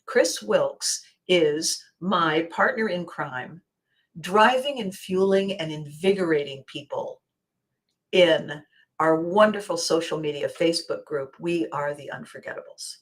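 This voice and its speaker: A woman hosting a show, talking casually in an expressive, emphatic way with wide swings in loudness. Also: sits low, measured pace. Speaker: host. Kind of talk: casual monologue.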